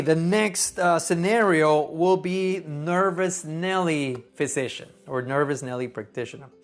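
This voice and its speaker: A man, a neonatologist, giving earnest, conversational teaching advice in a gentle tone. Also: a little high. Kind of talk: casual teaching talk.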